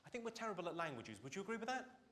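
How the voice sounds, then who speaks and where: A man doing stand-up comedy on stage with deadpan one-liners and sharp timing. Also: sits high, rapid-fire, a crowd in the background. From Britain. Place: stage before a live audience. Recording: loud audience laughter over live show.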